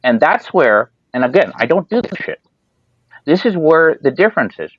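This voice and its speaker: A man's voice: on the high side, sing-song, normal speed, husky, dry recording. A man in casual chat on a podcast, telling rambling stories and acting out the people he quotes. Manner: rambling storyteller, acts out quoted voices. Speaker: podcast host. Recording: dull lo-fi sound.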